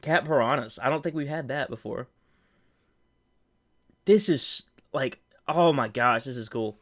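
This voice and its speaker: A young man streaming live from home, reacting with loud excitement and laughter, with faint music behind. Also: mid-range voice, unhurried. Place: home room.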